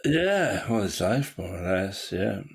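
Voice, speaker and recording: Gravelly man telling wry anecdotes. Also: low voice, very animated, takes it slowly, noisy background. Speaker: podcast host. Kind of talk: casual chat.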